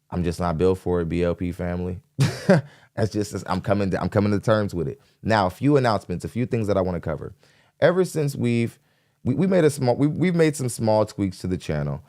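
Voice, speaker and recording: A man hosting a live podcast stream, giving energetic shout-outs to viewers and then talking plainly to them. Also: sits low, dry recording, clean studio sound. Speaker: podcast host. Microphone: dynamic studio mic. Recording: hip hop music underneath.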